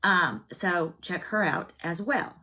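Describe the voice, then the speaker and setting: A woman's voice: lowish voice, takes it slowly, sharp tone. A middle-aged woman with a Southern US accent, chatting casually to camera about her hobby, with wry joking asides. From United States. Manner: chatty, wry asides and self-teasing jokes. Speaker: cross-stitch vlogger.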